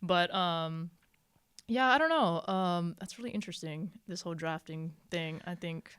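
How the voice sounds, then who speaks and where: A woman's voice: lowish voice, normal speed, a bit bright, smooth, no room sound, studio quality. A young woman hosting her podcast, chatting casually and laughing often as she tells stories. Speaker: podcast host.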